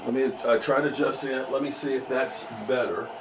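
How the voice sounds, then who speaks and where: A man's voice: mid-range voice, steady tone, fairly quick, roomy sound, recorded from a distance, background noise. A man hosting a casual live stream, joking with his chat and scolding trolls. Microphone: desk microphone.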